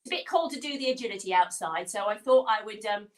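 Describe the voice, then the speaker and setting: A woman's voice: medium pitch, expressive, fast talker, poor audio. A British woman, a guest who keeps dogs, explaining plainly and a little hesitantly to schoolchildren. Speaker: guest dog keeper.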